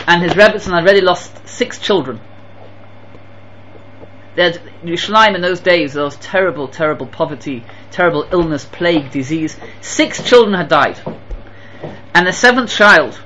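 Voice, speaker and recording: A teacher preaching with fervor, pressing questions and repeating phrases for weight. The voice has a sharp, bright edge. The recording sounds a little muffled and lo-fi. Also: mid-range voice, moderate pace, a little hiss or hum. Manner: impassioned, with emphatic repetitions and rhetorical questions. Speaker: Torah teacher. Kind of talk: sermon with storytelling.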